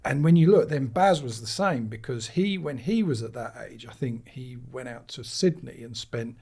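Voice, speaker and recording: Animated English man telling stories. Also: mid-range voice, normal speed, husky. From England. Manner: rambling anecdotes, animated, laughing. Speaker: guest, cricket managing director. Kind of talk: casual storytelling chat.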